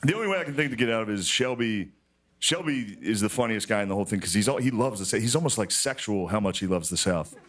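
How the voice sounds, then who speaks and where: A young adult man doing a stand-up monologue, deadpan and rambling as he tells his story. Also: lowish voice, fast. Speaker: stand-up comedian.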